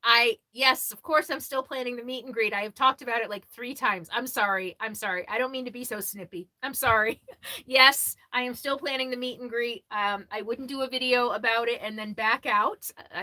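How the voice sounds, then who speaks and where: A woman hosting a casual livestream about RV life, chatting and answering viewer comments, laughing often and quick to apologize. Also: mid-range voice, bright, forceful tone. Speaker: RV lifestyle livestream host.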